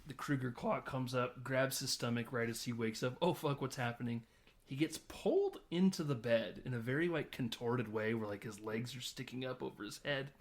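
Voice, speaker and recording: A man's voice: mid-range voice, moderate pace. Laid-back man recapping a film, laughing. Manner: lively storytelling, laughs often, swears casually. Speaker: podcast host. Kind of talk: casual movie recap chat.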